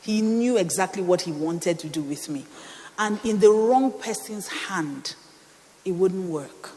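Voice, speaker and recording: A middle-aged woman pastor, preaching a sermon with animated storytelling and playful asides. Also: fairly low pitch, measured pace, long reverb tail. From Nigeria.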